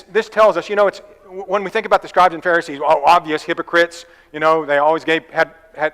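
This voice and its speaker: A man's voice: a little high, a bit bright, smooth. Man preaching in an echoing church hall. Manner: conversational, folksy storytelling with asides. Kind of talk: sermon. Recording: long reverb of a church hall.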